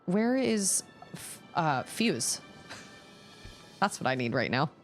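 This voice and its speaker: Lively, low-pitched woman streamer rambling. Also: slow pace, soft background music. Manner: rambling, self-conscious, many restarts. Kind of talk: casual storytelling while playing a game.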